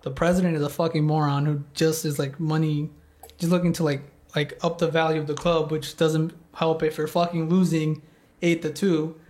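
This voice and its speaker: In loose, casual chat, a young man with a slightly raised pitch rambles through a story, venting and swearing a lot. He uses "like" constantly, and his level, slightly mellow tone moves at a moderate pace.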